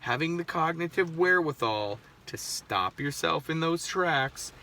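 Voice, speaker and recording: A man's voice: fairly high pitch, lively intonation, measured pace, pushed and bright, a little hiss or hum. A man in his thirties, a parent of a seven-year-old, talking candidly in a casual, rambling monologue with swearing and frequent restarts. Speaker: podcast host.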